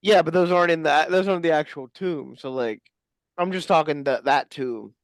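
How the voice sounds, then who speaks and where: A comedy podcast co-host chatting in a deadpan, rambling way full of tangents. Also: medium pitch, moderate pace, dry recording. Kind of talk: casual comedic chat.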